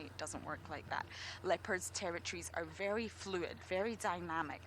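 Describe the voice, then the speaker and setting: A woman with a Scottish accent working as a safari guide, giving playful, lively commentary from an open vehicle on a live game drive. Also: mid-range voice, very noisy.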